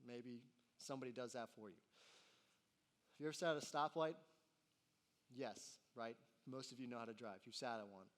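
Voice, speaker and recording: A young man preaching a sermon as a college pastor, animated and acting out exasperated voices that rise to near shouts. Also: medium pitch, normal speed, pauses often. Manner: animated, acts out voices and gets loud in exasperation.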